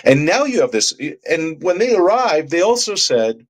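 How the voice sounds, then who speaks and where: A man's voice: sits high, big pitch swings, normal speed. A man co-hosting sports talk radio, ranting with passion and firing rhetorical questions.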